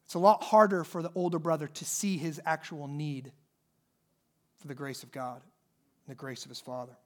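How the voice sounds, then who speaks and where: In church, a preacher delivers an animated, emphatic sermon at a moderate pace, raising and dropping his pitch and volume to drive points home.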